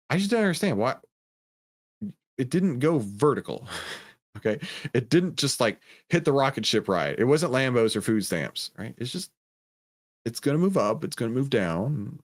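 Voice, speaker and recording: Animated man coaching traders live. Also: mid-range voice. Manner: animated, coaching, answers chat questions. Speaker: trading livestream host. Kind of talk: livestream Q&A with chat.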